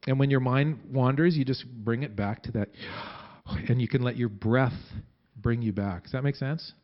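In a muffled recording, a man with a medium-pitched voice preaches to a church as its pastor. His delivery is conversational and halting, with many restarted sentences.

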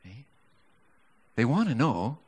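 A man's voice: mid-range voice, sing-song, a little slow, a little mellow, slightly rough. A man preaching a sermon in a conversational storytelling way, with stammers and restarts, building to fervent emphasis.

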